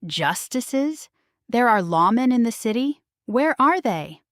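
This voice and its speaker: Woman doing a loud, high young lady. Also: sing-song, slow, no echo, studio quality, full character voice. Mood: curious. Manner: loud, blunt.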